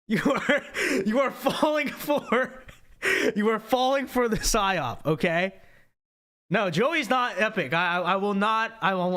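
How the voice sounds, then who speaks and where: A young man rants on his livestream in a high, bright voice with a forceful tone. The casual rant is emphatic, and he repeats himself to press his point.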